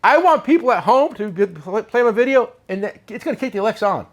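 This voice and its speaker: A man's voice: sits high, animated, quick pace. A man hosting a casual tool shop chat, rambling and joking at his own expense. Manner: rambling, joking, self-mocking. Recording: noisy shop recording.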